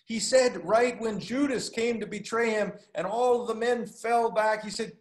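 Guy preaching, tells a story with lots of uhs, voice a bit high, echoey room. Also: fairly even intonation. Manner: storytelling, acts out dialogue with lifted voice; halting, many fillers and restarts. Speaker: pastor. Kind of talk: sermon. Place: recorded for a video call.

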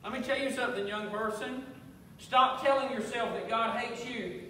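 In a church sanctuary, a male pastor preaches an emphatic sermon, repeating key phrases and calling on the congregation to answer back. His very high-pitched voice is pushed and bright, steady in tone and moderate in pace. The echoey hall puts him far off, with slight background noise.

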